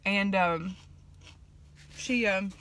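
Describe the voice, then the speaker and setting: A woman, chatting casually and telling family stories in an eat-with-me vlog, folksy, with fillers and throat clearing. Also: mid-range voice, very slow, fairly bright tone. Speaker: vlogger.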